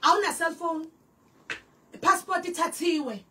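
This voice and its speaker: A young South African woman telling her story as an interview guest, lively and animated, switching between languages and acting out the people she quotes. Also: very high-pitched, unhurried, distant mic, a little hiss or hum. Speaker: guest, former church disciple.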